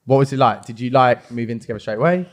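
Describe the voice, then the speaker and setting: A man's voice: medium pitch, fast talker. A man from Wales co-hosting a podcast, asking easygoing questions in a casual chat. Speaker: podcast co-host.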